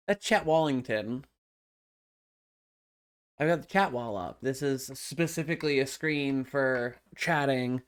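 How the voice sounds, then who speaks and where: A woman's voice: very deep voice, measured pace, pauses often. A woman live streamer chatting casually and playfully to her audience. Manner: playful, chatty, reacts aloud.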